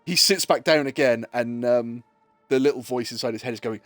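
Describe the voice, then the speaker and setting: A man's voice: medium pitch, a little fast, fairly bright tone, dry recording, faint music behind. A man streaming and chatting casually, retelling a story with lots of fillers and acted-out quotes. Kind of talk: casual chat while streaming.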